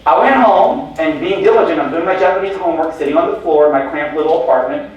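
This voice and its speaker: Speaking quickly with a fairly high pitch, a keynote speaker tells stories, cracks jokes, and fires questions at his audience. The lo-fi recording comes from a distance in a big, very echoey lecture hall.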